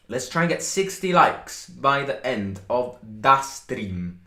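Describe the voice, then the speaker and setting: A man hosting a live football watchalong stream, reacting excitedly to the match and chatting with his viewers. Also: mid-range voice, reverberant. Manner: excitable, shouts and boasts at goals, chatty with viewers.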